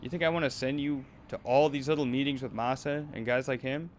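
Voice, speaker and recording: A bullying, abusive talent manager from a game, berating and menacing, as a man voices him. His voice sits at an ordinary middle pitch. A faint noise runs underneath. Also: steady tone, brisk, close to an everyday voice. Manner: berating, menacing, then wheedling.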